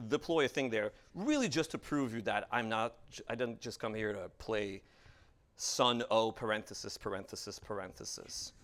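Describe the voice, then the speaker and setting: A man's voice: mid-range voice, a bit bright. A man giving a live coding demo at a tech meetup, rambling and self-deprecating as he types and talks to the audience. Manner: rambling, self-deprecating, thinks aloud while typing. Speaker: presenter giving a tech talk. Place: meetup room in front of an audience.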